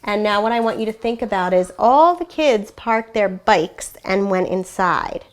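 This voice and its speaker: A woman kindergarten teacher reading a picture book aloud, explaining words gently and pausing to ask the children questions. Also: mid-range voice, animated. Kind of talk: read-aloud lesson for young children.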